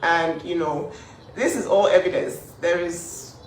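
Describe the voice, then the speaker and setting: A woman's voice: on the low side, unhurried, slight background noise. Young woman ranting for her sister, kinda far from the mic, roomy echo. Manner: earnest, emphatic, indignant. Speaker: older sister speaking out. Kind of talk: casual social media video.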